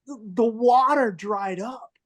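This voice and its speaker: A man's voice: very high voice, slow pace, fairly bright tone. A man, a guest musician, joking casually with crude humor about a hot walk on tour. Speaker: band member guest.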